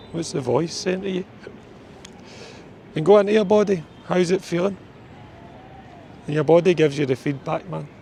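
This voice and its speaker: A man's voice: a little high, a little mellow, slight background noise. A man, a life coach chatting casually on an outdoor walk, swearing mildly now and then. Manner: chatty, mild swearing, talks to his dog. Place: outdoors on a walk near a street.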